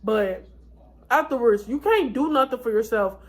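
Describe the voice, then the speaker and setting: A woman's voice: a little high, lively intonation, moderate pace. A tired young woman vlogging, telling her story in a candid, rambling way with many fillers and restarts. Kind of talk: casual storytime vlog.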